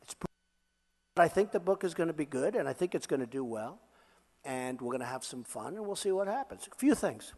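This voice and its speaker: An older man holds forth at a campaign rally, boasting and repeating his lines in an off-the-cuff way. His voice sits high for a man, and a long hall reverb trails each phrase. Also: animated, normal speed, a little mellow. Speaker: political candidate at a rally. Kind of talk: rally speech.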